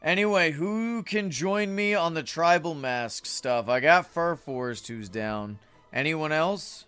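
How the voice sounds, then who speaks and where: A man's voice: on the high side, takes it slowly, fairly bright tone, smooth, soft background music. A man chatting casually with viewers while livestreaming a game, rambling and greeting chat. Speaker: streamer.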